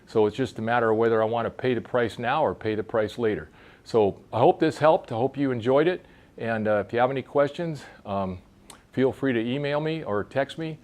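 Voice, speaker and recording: Casting note: older man in his sixties, plain-spoken coach talking through exercises as he demonstrates them, mid-pitched voice. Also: a little fast, a little mellow. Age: 60s. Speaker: fitness instructor for fly fishers. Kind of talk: casual instructional demo. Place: outdoor covered veranda in a park.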